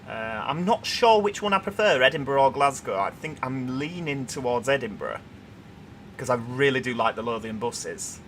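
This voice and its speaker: A man's voice: mid-range voice, animated, moderate pace, a bit bright, slight background noise. A young man with a Yorkshire accent, hosting a casual livestream and chatting as he reads viewer comments aloud. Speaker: livestream host.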